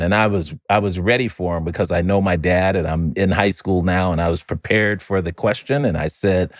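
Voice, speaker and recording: A middle-aged man from Chicago, a podcast guest, telling a family story in an animated way and often repeating words while he finds his next thought. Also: low-pitched, a little fast, hardly any pauses, dry recording, clean studio sound. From Chicago, United States. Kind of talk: storytelling in a conversational interview.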